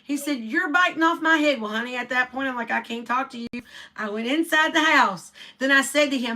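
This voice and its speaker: Chatty lady, middle-aged, bright high voice, laughs a lot, gets quiet and soft sometimes. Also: brisk. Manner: chatty, laughs often, drops soft when reflective. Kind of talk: casual chat.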